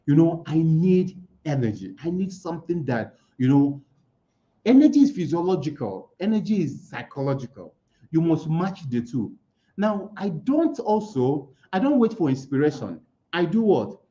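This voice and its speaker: The slightly muffled, lo-fi clip features a motivational speaker at an online conference whose voice is fairly high-pitched and dark in tone. He asks rhetorical questions and answers them himself, repeating key words for emphasis.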